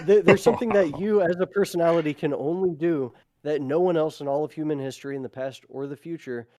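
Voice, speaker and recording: Earnest male podcast co-host with a warm, dry-sounding voice, reading aloud and musing. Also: fairly high pitch, a little fast, dry recording. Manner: earnest, laughs often. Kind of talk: reading aloud and casual discussion.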